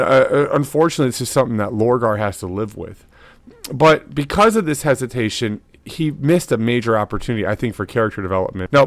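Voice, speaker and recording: A man's voice: medium pitch, no echo. A man hosting a lore video in casual commentary, talking loosely with lots of fillers and tag questions.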